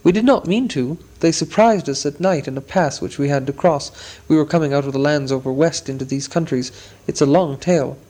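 A man reading a storybook aloud, voicing an old, courteous and wise male wizard who speaks in a measured, polite way. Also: fairly high pitch, warm tone, natural voice, poor audio.

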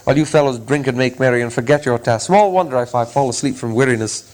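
A man's voice: mid-range voice, quick pace, lightly acted. A cranky old male elf butler, roused from a nap and grumbling, as a man reads him. His orders are curt and impatient in this storybook scene.

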